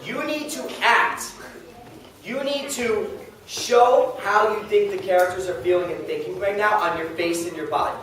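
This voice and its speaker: High-voiced man teaching, echoey and distant. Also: a bit bright, a little hiss or hum. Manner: brisk, directive. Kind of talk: classroom instruction. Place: classroom. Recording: echoey classroom from far off.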